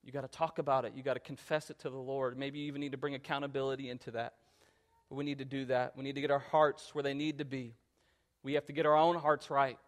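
A man in his thirties preaching a sermon in an earnest, conversational way that climbs to loud emphatic passages. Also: medium pitch, little pitch movement, fast talker. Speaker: pastor.

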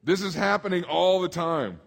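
A man, preaching a sermon emphatically, dropping low and rising loud. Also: lively intonation, moderate pace, creaky, husky. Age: 40s. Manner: emphatic preacher, swings between hushed and loud. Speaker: pastor. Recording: long hall reverb.

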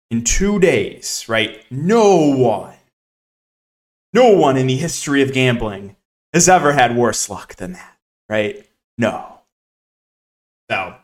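A man hosting a fantasy sports podcast in casual solo commentary. He is sarcastic and exasperated, keeps repeating "right?", and swings between low mutters and loud outbursts. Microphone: camera facing speaker.

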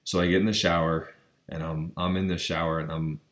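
A man with a low, deep voice tells a personal story in an earnest, breathless way. He stumbles and restarts often and keeps saying literally as he goes. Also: flat delivery, brisk, a bit bright. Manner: earnest, breathless retelling with many restarts and stammers. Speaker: vlogger.

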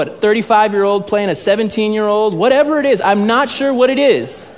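A man preaching a sermon as pastor in a church hall, with a conversational, animated way of telling stories. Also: sits high.

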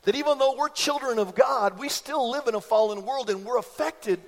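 A man in his forties preaching a sermon in church, an animated storyteller who acts out the voices in his anecdotes. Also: very high-pitched, moderate pace, long reverb tail. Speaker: pastor. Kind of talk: sermon with personal stories. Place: church sanctuary.

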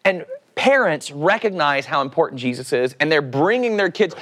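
Lively joking male preacher. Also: on the high side, moderate pace, few pauses. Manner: animated, joking, asks the audience questions; acts out quoted voices. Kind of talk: casual sermon to a group.

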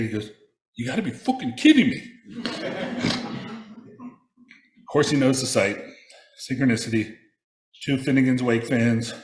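A man reading a prepared personal reflection aloud, telling stories in a measured way with touches of wry humor. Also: fairly low pitch, reverberant. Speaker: speaker sharing a personal reflection.

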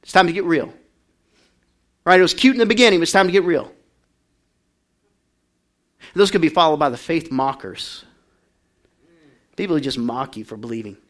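A man preaching a lively sermon in a high voice. He drops to near a murmur and then climbs to full shouts. He keeps calling on the congregation to answer back. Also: moderate pace, long pauses. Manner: swings from quiet to shouting, call-and-response. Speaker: pastor.

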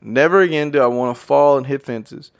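Energetic and addressing his audience as "guys," this podcast host gives a motivational monologue, driving points home by repeating phrases. His medium-pitched voice is gravelly yet clean in tone, and fairly quick.

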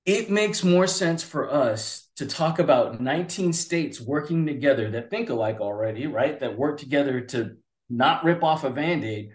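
A man in his forties, co-hosting a casual political chat, talking in an animated, rambling way. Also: medium pitch, moderate pace. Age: 40s. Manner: animated, rambling, acts out voices. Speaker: podcast co-host. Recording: roomy echo.

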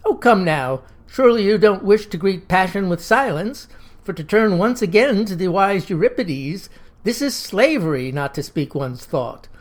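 A narrator voicing a thin, pompous male teacher who quotes the classics in a lofty, measured way. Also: mid-range voice, animated, close to an everyday voice. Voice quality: lofty, quotation-heavy delivery.

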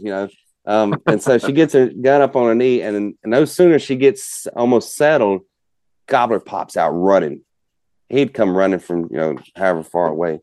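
A man's voice: lowish voice, brisk, a little mellow, no room sound. A man telling a rambling, folksy hunting story as a podcast guest. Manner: folksy, rambling, many fillers. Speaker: guest hunter. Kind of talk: casual storytelling.

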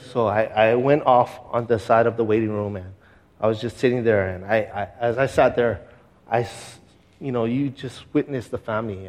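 Earnest man preaching. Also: fairly low pitch. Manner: earnest, conversational, with many fillers and restarts; drops quiet and slow at heavy moments. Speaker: pastor. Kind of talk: sermon storytelling.

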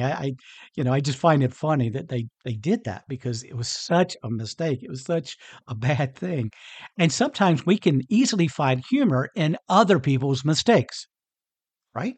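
A man's voice: mid-range voice, expressive, normal speed, darkish tone, husky, no room sound. A man hosting a motivational podcast on his own, talking earnestly and conversationally and chuckling often. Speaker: podcast host. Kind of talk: motivational solo podcast talk.

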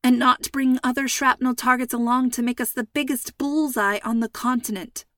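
A jittery middle-aged mother frets in a voice pushed up higher and louder than the reader's own. A woman reads her part in a storybook. The sound is dry and close. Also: fairly even intonation, normal speed, dry recording. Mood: worried. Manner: worried, high-strung.

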